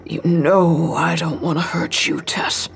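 A woman voicing an unstable, tormented man holding a knife, who talks breathlessly and stutters, veering between whispers and howled shouts, in an audio drama. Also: low voice, little pitch movement, slow, vocal fry, faint music behind, exaggerated voice. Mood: brooding.

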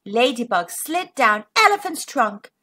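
A woman hosting a children's storytime, reading a picture book aloud with animated, sing-song delivery to kids. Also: a little high, measured pace, husky.

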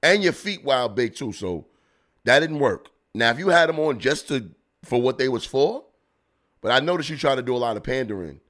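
A man's voice: medium pitch, expressive, normal speed, a bit bright. A man hosting a podcast, giving blunt, profane comedic commentary as he reacts to videos. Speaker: podcast host.

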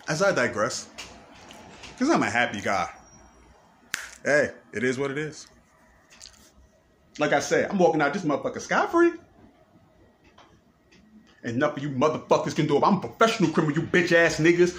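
Man ranting angrily, slightly high voice. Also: big pitch swings, unhurried, long pauses, fairly bright tone. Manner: confrontational, repetitive, swearing. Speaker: person ranting to camera. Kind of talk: angry profane rant to camera.

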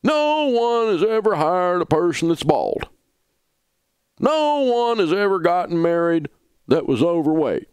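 A high, sing-song whine of a self-pitying complainer, put on mockingly by a Southern-accented man. It swoops up and down and lands very dry and close. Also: very animated, measured pace, darkish tone, clean tone, no room sound. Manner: mocking, exaggerated whining.

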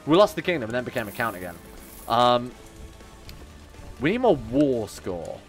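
A man narrating his live gameplay stream in a casual, animated way. He jokes, swears freely and keeps answering his chat while he plays. Faint music plays underneath him. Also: medium pitch, normal speed.

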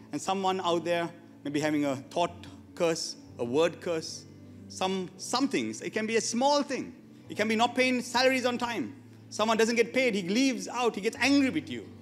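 A man's voice: a little high, fairly bright tone, long reverb tail. A man preaching a sermon to his church, emphatic and often asking the congregation questions. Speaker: pastor. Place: church hall.

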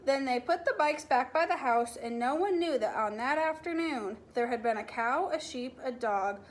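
High, lively teacher reading a storybook. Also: female voice, moderate pace, slight background noise. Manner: expressive storytelling with animal sounds. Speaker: kindergarten teacher. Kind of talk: reading a picture book aloud to young children.

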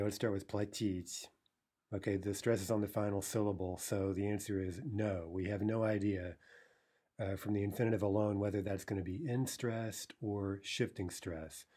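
A man's voice: fairly low pitch, a little mellow. A man teaching a recorded language lesson, explaining step by step and checking in with "right?" as he sounds out verb forms. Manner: pronounces foreign verb forms carefully.

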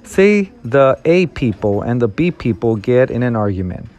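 Guy reading a tired gentle woman, calm, explains things slowly, storybook. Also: mid-range voice, natural voice. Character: weary, gentle woman guide.

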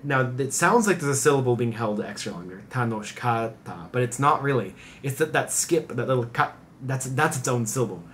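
An American man in an easygoing chat, explaining in long, rambling stretches full of filler words. His pitch sits in a plain middle range, and his eagerness spills over as he talks. A faint hiss of noise runs behind him. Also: expressive, a little fast, fairly bright tone. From United States. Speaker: reaction channel co-host. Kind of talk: casual chat.

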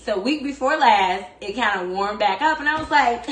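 A woman's voice: fairly high pitch, a little fast, hardly any pauses. Chatty woman cooking in an echoey kitchen. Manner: chatty and expressive, fond of the word "like". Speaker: cooking show host. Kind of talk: casual chat while cooking. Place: home kitchen.

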